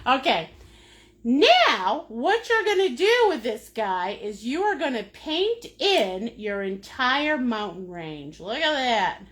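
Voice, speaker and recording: A woman's voice: on the high side, big pitch swings, slow, a bit bright. A middle-aged woman teaching a live painting lesson in a playful, silly way, greeting viewers by name and laughing often. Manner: laughs often while talking. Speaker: painting instructor.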